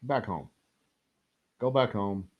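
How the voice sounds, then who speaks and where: Speaking slowly in a lowish voice, a man hosts a strategy game live stream with casual gameplay chat. He rambles, cracks jokey asides, uses lots of fillers and swears now and then, on a dull lo-fi recording.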